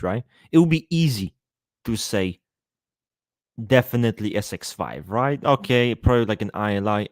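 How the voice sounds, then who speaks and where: A man's voice: fairly low pitch, no room sound, studio quality. A man hosting a casual livestream, greeting viewers by name and joking around with a lot of swearing. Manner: profane, joking, reads out viewer names. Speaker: livestream host.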